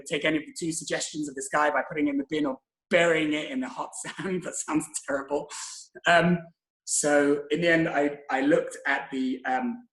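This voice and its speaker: A young man with a slightly high voice, an interview guest who creates tours, tells animated, self-mocking anecdotes full of quoted exclamations. It's casual storytelling over a video call with roomy audio.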